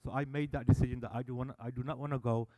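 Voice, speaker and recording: Man, mid pitch, mellow tone; animated storytelling speech at a public meeting. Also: very fast. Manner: animated storyteller, acts out dialogue. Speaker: service user speaker at annual meeting. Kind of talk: public speech telling stories. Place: meeting hall.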